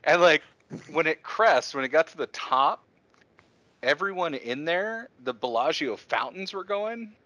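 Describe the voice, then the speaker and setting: Male podcast host, lively storyteller, crisp forceful tone, dead-dry booth sound. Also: a little high, unhurried, no echo. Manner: animated storyteller, laughs often. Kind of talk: casual chat.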